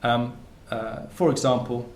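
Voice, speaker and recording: Slightly slow and fairly even in intonation, this mid-range male voice belongs to an academic chatting his way through a conference talk. The roomy lecture hall lends faint ambience.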